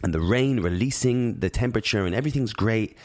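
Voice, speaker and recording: A man's voice: fairly low pitch, a little fast, no room sound, clean studio sound. A father speaking in an earnest, reflective monologue on parenting, rambling with many restarts and repeated words.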